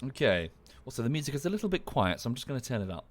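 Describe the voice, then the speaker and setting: A man's voice: medium pitch, sing-song, rapid-fire. Man muttering through a rocket launch. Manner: dry, self-deprecating, mutters to himself. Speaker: livestreamer. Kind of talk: casual gameplay commentary. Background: game music.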